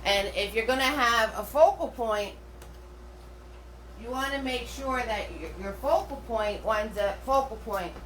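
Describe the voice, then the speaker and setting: A woman's voice: fairly high pitch, a little slow, a bit bright, far from the mic. A middle-aged woman teaching a live painting class in a chatty, rambling way, full of fillers and restarts. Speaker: painting instructor. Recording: roomy, from away from the mic, faint hum.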